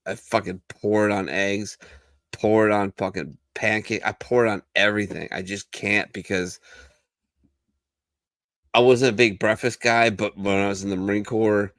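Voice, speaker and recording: Low-voiced, profane man on a podcast. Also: steady tone, normal speed, fairly bright tone, no echo, studio quality. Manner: profane, loose, joking. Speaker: podcast host. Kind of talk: casual banter.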